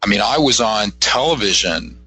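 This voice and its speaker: A man's voice: lowish voice, lively intonation, moderate pace, pushed and bright, breathy edge, poor audio. A man from Ohio, a psychic guest on a radio talk show, speaking earnestly and encouragingly with frequent restarts. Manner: earnest, encouraging, many restarts and "you know".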